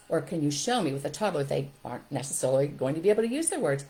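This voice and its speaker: Animated woman coaching parents. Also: low voice, quick pace, low-quality recording. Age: middle-aged. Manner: animated, acts out scolding and soothing phrases. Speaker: childcare trainer and podcast host. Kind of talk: casual teaching talk to parents.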